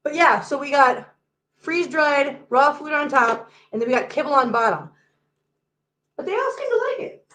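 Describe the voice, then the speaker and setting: A woman's voice: high voice, expressive, moderate pace, fairly bright tone, echoey room, low-quality recording. A woman hosting a casual livestream from home, chatting and joking while she talks to her cats. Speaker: host.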